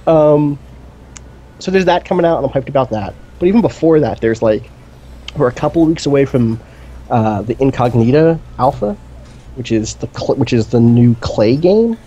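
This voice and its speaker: A man's voice: medium pitch, animated, moderate pace, warm tone, husky, highs cut off. A man co-hosting a gaming stream, talking in a casual, enthusiastic, rambling way with lots of fillers. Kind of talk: casual chat. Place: indoor streaming setup.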